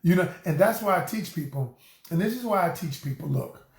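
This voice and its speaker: A middle-aged man, a relationship coach and host, giving an animated, preachy motivational talk and calling his listeners y'all. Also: on the high side, a little fast, vocal fry, reverberant.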